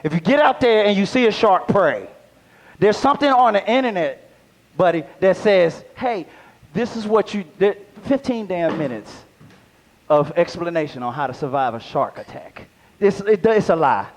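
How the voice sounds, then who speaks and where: A man's voice: sits high, moderate pace. A man performing a live stand-up set, talking back and forth with the crowd. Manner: animated crowd work, talks to audience. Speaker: stand-up comedian. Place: small live venue.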